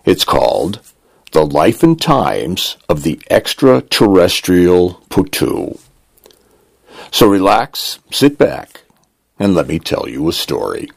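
A man who hosts and narrates, reading a story aloud in a slow, measured storytelling manner. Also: low voice, big pitch swings, creaky, breathy edge, dry recording. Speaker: host and volunteer narrator.

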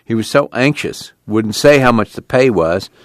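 A man narrates an audiobook in a measured, storytelling way. His pitch is lively and moves around a lot. The recording is dry and close, with no room sound. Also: dry recording.

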